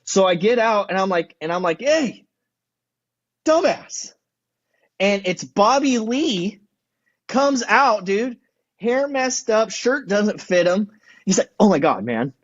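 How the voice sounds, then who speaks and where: A man's voice: high-pitched, measured pace, fairly bright tone, dry recording, highs cut off. A man in his thirties, a podcast guest, telling stories in casual chat, acting out quotes and swearing a lot.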